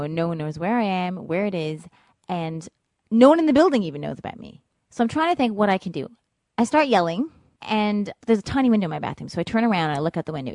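A woman telling a personal story in vivid, dramatic fashion, dropping to a hush and rising again. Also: fairly low pitch, no room sound. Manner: vivid, dramatic, ranging from hushed to loud.

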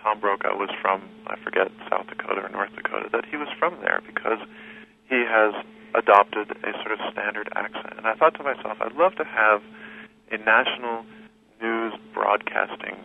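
A man, a guest who teaches history, talking reflectively in an interview, pausing and restarting his sentences often. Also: lowish voice, creaky. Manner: thoughtful, halting with many restarts and fillers. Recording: tinny phone line with faint hiss.

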